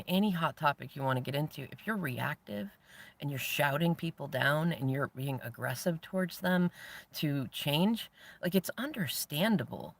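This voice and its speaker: A man around forty, hosting his own show, tells a story in a reflective, spiritual monologue. He is animated and laughs often as he talks. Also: a little high, vocal fry. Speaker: host.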